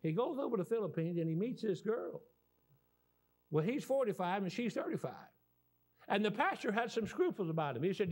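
A man's voice: high-pitched, a little fast. A man in his sixties with a Southern US accent, preaching a sermon as a guest preacher and telling stories in a folksy, rambling way. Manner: folksy, animated storytelling with rambling restarts.

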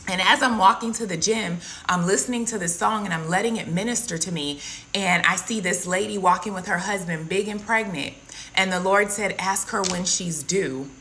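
A woman's voice: mid-range voice, bright, forceful tone. A woman giving an earnest, casual devotional testimony and addressing her listeners as guys. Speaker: Christian content creator.

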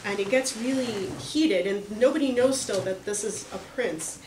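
A woman's voice: medium pitch, normal speed, far from the mic. A woman leads a reading group and retells a story in a loose, chatty way, full of fillers and restarts. She sounds set back from the mic in a roomy space with a faint hiss behind her.

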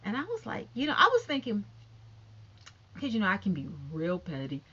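A woman with a high, youthful-sounding voice chatting casually and sassily to camera about online gossip. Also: normal speed, breathy edge, dull audio. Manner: chatty, sassy, animated, talks straight to viewers. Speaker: YouTube commentator.

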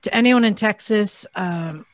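A woman co-hosts a podcast in casual chat, earnest and rambling, with plenty of ums and restarts. Her pitch sits in the middle for a woman. The sound is close and dry, with no room echo. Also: unhurried. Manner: earnest, rambling, many fillers. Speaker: podcast co-host. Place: garage studio.

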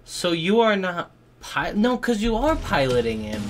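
A man giving casual, excitable reaction commentary on a game trailer, swearing freely and thinking out loud. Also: high-pitched, measured pace. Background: game trailer music.

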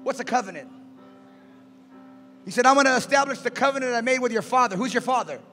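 High-pitched shouting male preacher. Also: animated, quick pace. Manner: shouting call-and-response, drives the crowd. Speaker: pastor. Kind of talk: preaching a sermon. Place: large church hall with music. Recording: echoey church hall with music behind.

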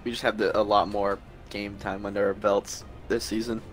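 Dry, low-voiced male gaming teammate. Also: flat delivery, normal speed, faint music behind. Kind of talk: casual gameplay chat.

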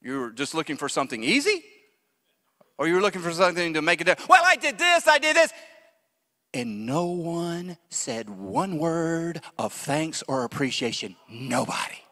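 A man preaching a lively sermon to his congregation, acting out the voices of the people he describes. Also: a little high, normal speed, long reverb tail. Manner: animated, acts out voices of church members. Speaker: pastor. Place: church sanctuary.

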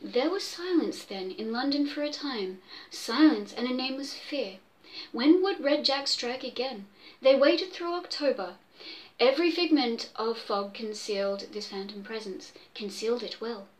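Woman reading a creepy old story out loud, kinda high voice, measured. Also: poor audio. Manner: measured reading with offhand asides.

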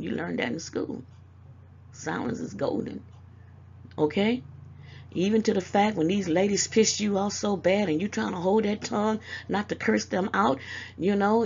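A woman's voice: mid-range voice, moderate pace, vocal fry, a little mellow, lo-fi sound, a little hiss or hum. An older woman with a Southern US accent, speaking to camera and giving motherly, scolding advice, calling people baby. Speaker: YouTube commentator. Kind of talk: casual direct-to-camera advice.

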